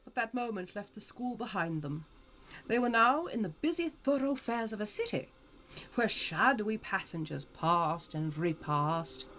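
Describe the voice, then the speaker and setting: A woman streamer giving a live, expressive reading of a classic novel. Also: mid-range voice, slight background noise.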